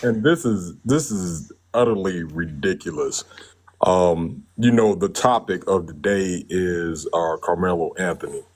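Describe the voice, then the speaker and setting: A man with a low, husky voice chats as a caller on a live stream. He tells stories in a relaxed, slangy way, with plenty of loose asides. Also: a little slow. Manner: laid-back storytelling, slangy. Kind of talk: casual live stream chat.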